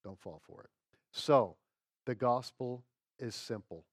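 A man preaching a sermon to a congregation, swinging between loud exclamations and hushed asides. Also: mid-range voice, slow pace, no room sound, studio quality. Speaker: pastor.

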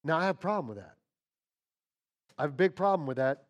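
Conversational preacher man, hushed on scripture. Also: a little high, lively intonation, fast, dull audio. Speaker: pastor. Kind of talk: sermon.

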